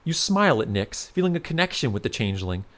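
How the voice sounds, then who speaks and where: A man narrating a second-person fantasy adventure story aloud, in an expressive reading style. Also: medium pitch, quick pace.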